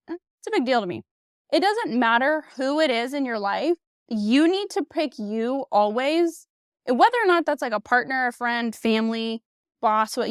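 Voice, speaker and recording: A woman in her thirties hosts a solo podcast, speaking with a somewhat high, smooth, clear voice. She is candid and blunt, swears freely, and leans on "like" and "you know". The sound is dry and close, with no room in it. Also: no room sound. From United States. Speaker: podcast host. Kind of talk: casual solo podcast monologue.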